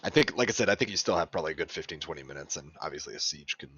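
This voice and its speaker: A man explaining game details quickly during a casual chat. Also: rumbling low, expressive, fairly bright tone, slightly rough, no echo. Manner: rapid, explanatory. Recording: dull dry lo-fi mic.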